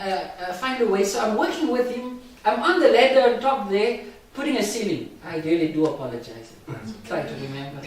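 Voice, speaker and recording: A man, a pastor, sharing his personal testimony with a small group, halting and repeating words as he goes, with frequent chuckles. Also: extremely high pitch, fairly bright tone, a little hiss or hum. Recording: echoey room, mic far off.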